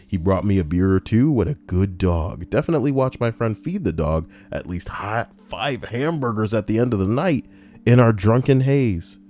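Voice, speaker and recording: A man's voice: fairly low pitch, expressive, normal speed, dark tone. A man narrating online party stories in a casual, matter-of-fact read. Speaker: narrator reading online posts. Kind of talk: casual story reading.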